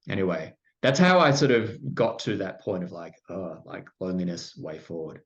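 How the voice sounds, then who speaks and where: A man's voice: sits low, sing-song, moderate pace. A middle-aged Australian man candidly telling his story in conversation, full of "like" fillers and self-deprecating asides. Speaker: podcast guest. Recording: muffled lo-fi sound.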